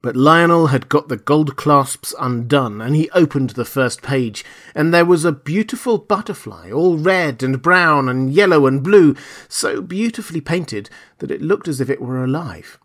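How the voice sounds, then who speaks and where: A man reading a children's story aloud, in a gentle and expressive storytelling manner. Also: a little high, normal speed.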